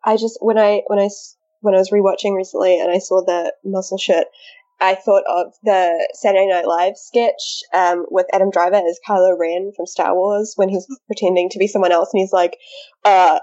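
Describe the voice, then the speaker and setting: A woman's voice: mid-range voice, flat delivery, moderate pace, warm tone, dull audio. A woman on a podcast panel, chatting casually, rambling and laughing as she talks. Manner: giggly, rambling with fillers. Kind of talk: casual discussion.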